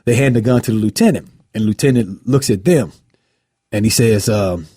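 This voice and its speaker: Podcast host, male, husky, dry close sound, lively storyteller acting out scenes. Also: on the low side, normal speed, no room sound. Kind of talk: casual podcast chat.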